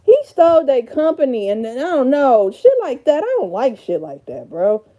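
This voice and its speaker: A woman's voice: sits high, big pitch swings, normal speed, mellow, dull audio. A woman with a Detroit accent talking casually on a livestream, blunt, profane and rambling. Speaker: livestream host.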